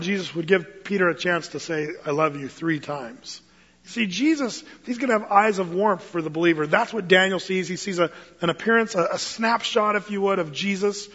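A man delivers a sermon from the pulpit, his voice pitched high as he slips into playful voices for the people in his Bible stories. The sound is a little muffled, and a long reverb trails after each phrase in the sanctuary. His delivery stays lively and conversational throughout. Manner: animated, acts out quotes in funny voices. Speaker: pastor.

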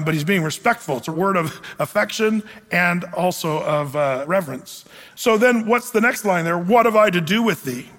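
A male pastor giving a sermon, preaching in an animated, conversational way with humor. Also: high-pitched. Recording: long hall reverb.

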